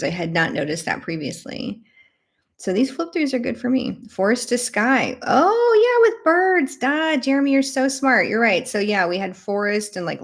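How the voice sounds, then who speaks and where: A young woman hosting a live tarot flip-through, chatting warmly with viewers and gushing over each card. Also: medium pitch, vocal fry. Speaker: tarot channel host.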